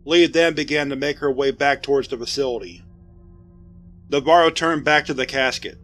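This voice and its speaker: A man narrating a scripted horror story in a steady, even storytelling voice. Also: mid-range voice, moderate pace. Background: faint music.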